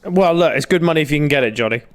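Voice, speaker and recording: A man co-hosting a comedy podcast, teasing his partner in quick, casual banter from a room at home. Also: fairly high pitch, expressive, clear, resonant tone. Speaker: podcast co-host. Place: home room with window open.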